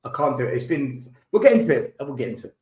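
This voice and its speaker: A man's voice: mid-range voice, big pitch swings, fast, darkish tone, slight background noise. A man on a podcast, blunt and frustrated, repeating himself as he vents. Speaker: podcast co-host. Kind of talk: casual podcast chat. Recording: roomy echoey recording.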